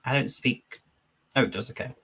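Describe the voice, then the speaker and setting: A man's voice: medium pitch, normal speed, bright, forceful tone, slight background noise. A man hosting a casual live stream, chatting away as he reads viewer comments aloud and answers them. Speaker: streamer host.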